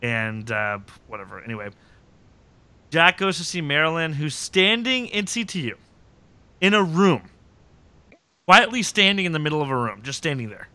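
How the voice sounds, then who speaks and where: A man hosting a podcast, recapping episodes in casual chat and acting out scenes in quick impressions. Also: on the high side, sing-song, sharp tone, clear, resonant tone, dry recording.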